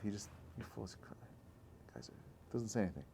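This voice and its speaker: Animated rabbi man teaching a class. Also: mid-range voice, a little fast, creaky, long pauses, husky. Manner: conversational, checks in with frequent "right?"; animated, builds to loud bursts. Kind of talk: informal Torah class talk.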